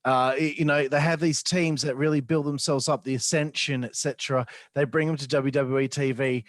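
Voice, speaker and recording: A man's voice: medium pitch, fairly even intonation, fairly quick, no echo. Chatty podcast host man, dry sound. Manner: conversational, with frequent "uh" and "like". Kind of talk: interview conversation.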